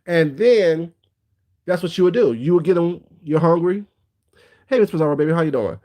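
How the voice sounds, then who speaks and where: A man's voice: a little high, expressive, normal speed, warm tone. Blunt gossipy livestream man. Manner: blunt, gossipy, greets viewers mid-rant. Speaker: livestream host. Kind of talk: casual commentary livestream.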